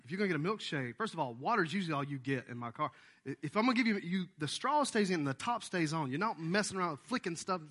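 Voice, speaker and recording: A man preaching a sermon as the pastor, telling a family story in an animated, conversational way. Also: on the high side, fast talker.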